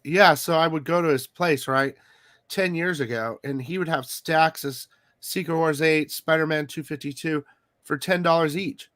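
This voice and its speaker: Man, host, somewhat high voice, chatty, excitable, coughing from allergies, casual video call. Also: normal speed. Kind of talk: casual interview chat.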